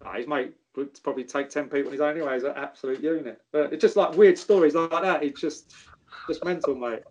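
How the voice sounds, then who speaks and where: A man's voice: fairly high pitch, fast talker, a little mellow. A man, a former footballer telling stories in casual chat, swearing freely and calling people mate. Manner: laddish, swears freely, says mate and geezer.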